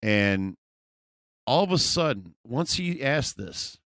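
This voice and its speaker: A man's voice: mid-range voice, very animated, takes it slowly, a bit bright, dry recording, clean studio sound. A man vlogger telling a personal story in a casual, rambling way, full of fillers and profanity.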